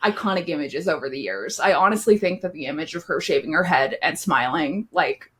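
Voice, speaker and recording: A woman's voice: low voice, animated, fairly quick, fairly bright tone. A young woman co-hosting a podcast in casual chat, talking loosely with lots of fillers. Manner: chatty, many fillers and "like"s. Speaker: podcast co-host.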